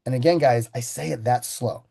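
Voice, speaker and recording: A man leads a sales training session, recounting how he runs a pitch and slowing right down for effect. His voice is warm and mellow and sits at an everyday middle pitch. He talks in a storytelling way, acting out his side of the conversation. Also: gravelly, breathy edge. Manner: storytelling, acts out his sales pitch with slow deliberate pauses.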